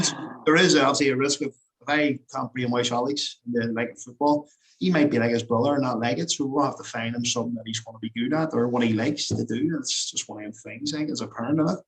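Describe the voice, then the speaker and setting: A man's voice: medium pitch, fairly bright tone, low-quality recording. A man hosting a podcast, chatting with energy and laughing often. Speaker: podcast host. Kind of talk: casual chat.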